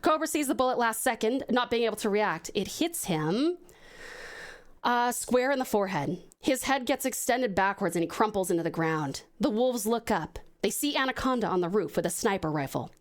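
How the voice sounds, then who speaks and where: A woman from Australia with an Australian accent, an expressive streamer reading viewer stories aloud and chatting effusively. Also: a little high, moderate pace. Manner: expressive, warmly effusive to chat. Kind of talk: dramatic storytelling reading.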